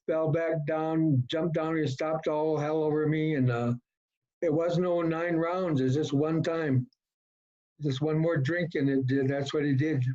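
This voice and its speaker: Middle-aged man, halting folksy storytelling. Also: a little high, steady tone, mellow. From Colorado. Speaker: recovery meeting speaker. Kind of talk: personal recovery story. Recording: dull lo-fi talk recording.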